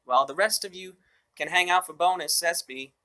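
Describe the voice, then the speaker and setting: A man's voice: high-pitched, normal speed, pushed and bright. A man hosting a live mobile trivia game show, upbeat and joking with playful asides.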